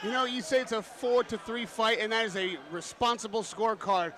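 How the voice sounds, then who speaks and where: A man's voice: sits high, fairly quick, a bit bright, slight background noise. A man giving emphatic, analytical live commentary on a boxing match. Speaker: boxing pundit.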